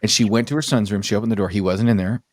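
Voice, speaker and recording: A man with a fairly low voice telling a long story in casual podcast chat, acting out the lines of the people in it. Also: racing, no echo, clean studio sound. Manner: animated storyteller acting out his own dialogue. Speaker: podcast host.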